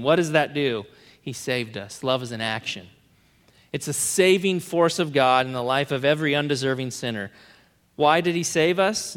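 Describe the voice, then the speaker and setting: A man preaching a sermon in an earnest way, repeating key phrases and letting his sentences fall to soft endings. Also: mid-range voice, in a large hall.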